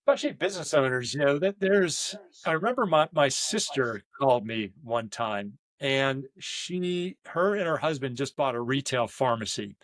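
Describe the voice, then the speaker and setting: A man's voice: medium pitch, animated, moderate pace, few pauses, a bit bright, no echo. A man, a leadership coach and business owner, talking in a candid conversational way, rambling through stories with many restarts and quoted asides.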